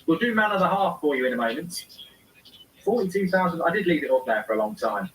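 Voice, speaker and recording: A man's voice: a little high, expressive, fast, fairly bright tone, far from the mic, slight background noise, low-quality recording. A man hosting a live football watchalong, reading viewer comments aloud and answering them in casual chat.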